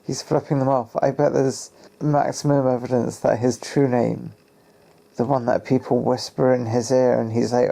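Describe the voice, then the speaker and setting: A man's voice: mid-range voice, flat delivery, moderate pace, gravelly, warm tone. A man giving casual, playful commentary on a TV episode, spinning fan theories and acting out characters' lines.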